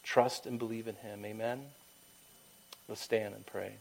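A pastor with a gravelly voice preaches a sermon and then leads a prayer at a measured pace with little pitch movement. His delivery is emphatic, shifting between loud urging and hushed quiet, with occasional high falsetto to act out voices. The recording is rough, with slight background noise.

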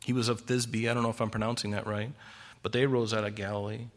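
A man preaching an expository sermon, animated and full of rhetorical questions. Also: lowish voice, fast. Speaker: pastor.

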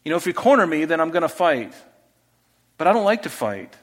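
Brief: earnest male preacher with a higher voice, quiet rhetorical asides. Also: big pitch swings, a little fast. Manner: earnest, drops to soft rhetorical questions. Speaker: pastor. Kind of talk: sermon.

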